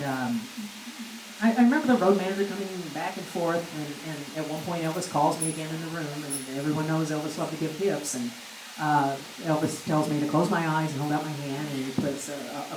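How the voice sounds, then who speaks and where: A woman's voice: low voice, far from the mic. Older woman telling a story in an echoey hall. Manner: halting, many fillers and restarts, light laughs. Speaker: guest recounting memories. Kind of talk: storytelling on stage. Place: event hall with audience. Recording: echoey room with background noise.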